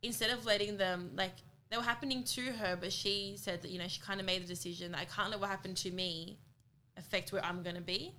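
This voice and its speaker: A woman's voice: medium pitch, steady tone, fast talker, sharp tone, a little hiss or hum. A woman co-hosting a podcast, talking earnestly and from the heart in a candid conversation. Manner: earnest, heartfelt, retells friend's words. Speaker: podcast co-host.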